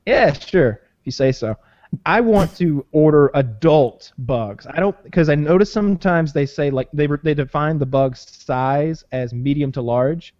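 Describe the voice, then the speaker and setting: A man's voice: fairly high pitch, expressive, measured pace, darkish tone, dry recording. Podcast guy rambling and cussing, dull lo-fi mic. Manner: rambling, swears often, many fillers and restarts. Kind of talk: casual profane banter.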